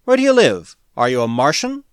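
A man voicing a blunt, tough male space adventurer who speaks in curt, forceful questions. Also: fairly high pitch, sing-song, fairly quick, clear, resonant tone, no echo, studio quality. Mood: brusque. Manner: curt, brusque questions, louder than narration.

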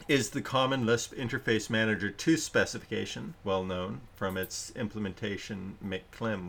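A man's voice: lowish voice, a bit bright. A man hosting a casual live-stream chat, rambling and interrupting himself, reading audience comments aloud. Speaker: show host.

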